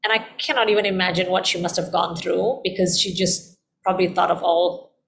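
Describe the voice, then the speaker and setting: Earnest middle-aged woman, gravelly edge. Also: fairly low pitch, little pitch movement, brisk, a little hiss or hum. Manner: earnest, heartfelt, repeats phrases for emphasis. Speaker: guest. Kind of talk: personal storytelling in conversation.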